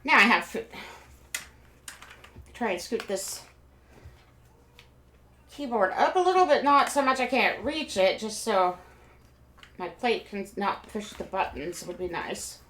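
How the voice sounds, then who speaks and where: A middle-aged woman from Kansas, USA, live-streams from a room at home, rambling and chatting casually while she eats. Her mid-range voice is expressive and a bit bright, unhurried, with frequent pauses. The room is echoey with faint background noise.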